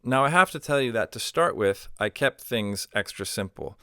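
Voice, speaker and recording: A man calmly teaching a recorded grammar lesson, explaining step by step with example phrases and a few ums and uhs. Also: lowish voice, moderate pace, smooth, dry recording, clean studio sound. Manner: patient explaining with spoken examples, fillers like um and uh. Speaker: language teacher.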